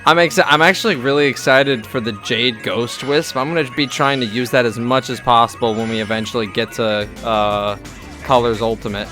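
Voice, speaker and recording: A young man giving casual let's-play commentary, rambling and halting with lots of fillers and restarts. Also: medium pitch, bright, forceful tone, faint music behind. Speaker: gameplay commentator.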